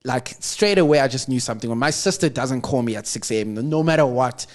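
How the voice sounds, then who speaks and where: Young south african guy on a podcast, talking slow and heavy, mid pitched. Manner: earnest, reflective retelling with emotional weight. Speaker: podcast guest. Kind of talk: personal storytelling in a conversation.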